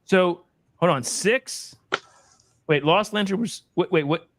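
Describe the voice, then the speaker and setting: A man's voice: high voice, takes it slowly, slight background noise. A man hosting a casual whiskey tasting panel, bantering, swearing and laughing as he reveals his rankings. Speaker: host.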